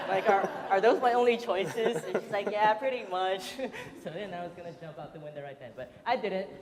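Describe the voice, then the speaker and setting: A man's voice: high-pitched, normal speed, crowd noise. Chatty man presenting in a hall. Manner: chatty, laughing often, frequent fillers. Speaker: seminar speaker. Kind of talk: casual seminar presentation. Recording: roomy hall reverb.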